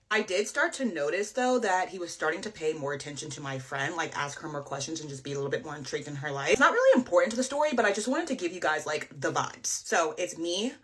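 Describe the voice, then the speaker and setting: A young woman telling a dating story casually, chatty and animated, acting out quotes. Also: sits low, quick pace, hardly any pauses, breathy edge.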